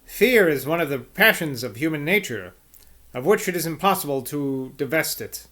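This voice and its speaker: A man reading the lines of a blunt, forceful old male scholar in an audiobook, with emphatic, sardonic delivery. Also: a little high, animated, moderate pace. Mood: dry.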